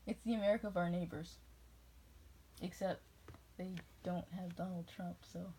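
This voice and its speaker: A woman's voice: fairly low pitch, fairly even intonation, moderate pace, warm tone, breathy edge, low-quality recording. A woman from New England rambling through tangents in a casual chat. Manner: rambling, jumps between tangents.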